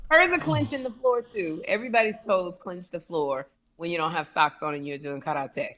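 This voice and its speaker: A woman's voice: fairly low pitch, normal speed, very noisy. A woman co-hosting a comedic casual chat, teasing and drawing out playful exaggerated pronunciations. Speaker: co-host.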